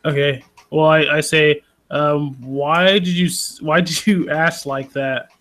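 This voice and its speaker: A man's voice: fairly high pitch, fairly even intonation, takes it slowly, a bit bright. A man playing in a tabletop game, casual and hesitant, with many ums and restarts. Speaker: player.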